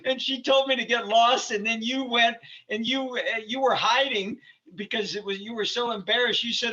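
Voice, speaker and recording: An older man with a high, bright voice retells an old family mishap boisterously and gruffly, laughing at himself. The sound is a little dull and muffled. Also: moderate pace. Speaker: father telling a family story.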